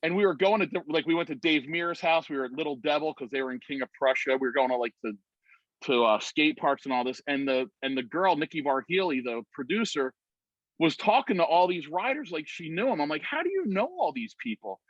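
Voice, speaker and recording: Man, animated storyteller, slightly high voice, dry muffled call audio. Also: a little fast, no echo. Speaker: guest. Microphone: video call.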